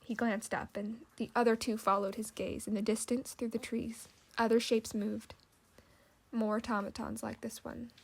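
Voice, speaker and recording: A woman narrating an audiobook in measured, scripted storytelling. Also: on the high side, level tone, vocal fry, husky.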